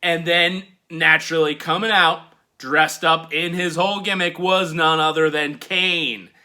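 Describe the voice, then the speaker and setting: A man's voice: fairly high pitch, steady tone, measured pace, bright, forceful tone. A man hosting a podcast, giving a laid-back, chatty wrestling recap. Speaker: podcast host.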